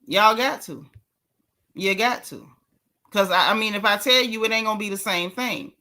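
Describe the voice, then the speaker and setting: A woman with a bright, sharp voice dishes celebrity gossip in a casual, sassy way. She talks straight to her viewers, calling them y'all and reading their chat comments as she goes. Her tone is frank and playful. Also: mid-range voice, moderate pace. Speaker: gossip channel host.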